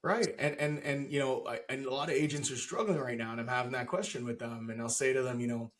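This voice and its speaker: A man hosting a podcast, telling stories in a lively way with stammered restarts. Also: medium pitch, fast, few pauses. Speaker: podcast host. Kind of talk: casual interview chat.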